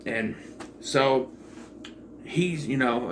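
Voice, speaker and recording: A man giving a casual, rambling movie review, full of fillers and the occasional swear, jumping between loud excitement and quiet asides. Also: mid-range voice, a little slow, a little hiss or hum. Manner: rambling and digressive, with profanity and many fillers.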